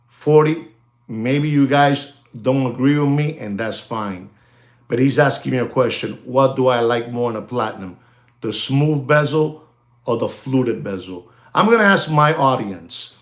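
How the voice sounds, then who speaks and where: Excitable man chatting with livestream viewers. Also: mid-range voice. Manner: excitable, talks directly to chat, slips in Spanish words. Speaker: watch dealer hosting a live stream. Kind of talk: casual livestream chat with viewers.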